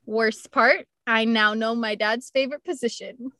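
Excitable young woman on a podcast, swears a lot, highish voice, super dry recording. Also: moderate pace, no echo. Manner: giggly, excitable, swears casually. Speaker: podcast co-host. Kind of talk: casual chat, reading stories aloud.

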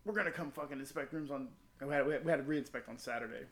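A man's voice: medium pitch, racing, fairly bright tone, reverberant. A former Marine telling a story in casual, profane chat and acting out the people he quotes.

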